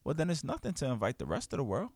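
A man hosting his own podcast, talking in an animated, emphatic, slangy way and acting out quoted friends. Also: medium pitch, racing, slightly rough, no room sound. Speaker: podcast host. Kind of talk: casual podcast monologue. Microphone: studio podcast mic.

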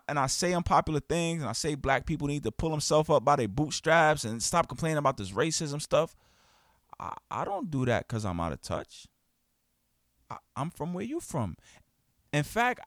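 Animated slangy male podcast host. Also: a little high, dry recording, studio quality. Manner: animated, emphatic, slangy storytelling with quoted voices. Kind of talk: casual podcast monologue. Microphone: studio podcast mic.

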